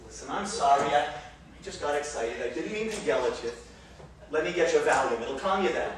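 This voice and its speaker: A man acting as an excitable middle-aged husband in a live stage play, recorded from the back of an echoey theater. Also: a little high, rapid-fire, lightly acted. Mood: soothing. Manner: blustering, shouting curses, then soothing. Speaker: stage actor. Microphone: distant room mic. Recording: echoey hall, distant, some noise.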